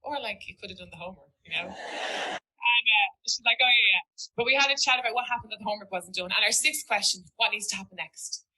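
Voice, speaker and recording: Bright, husky woman giving a talk. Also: mid-range voice, fast, rough recording. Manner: earnest, reflective, quotes a student in dialogue. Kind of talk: storytelling talk to an audience.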